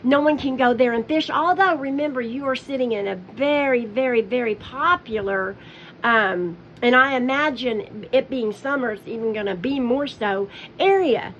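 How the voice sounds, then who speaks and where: A woman's voice: a little high, normal speed, a bit bright, dull audio, slight background noise. Angry woman scolding someone directly. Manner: confrontational, scolding, speaks directly to the person she accuses. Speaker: commentary vlogger. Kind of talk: angry call-out commentary.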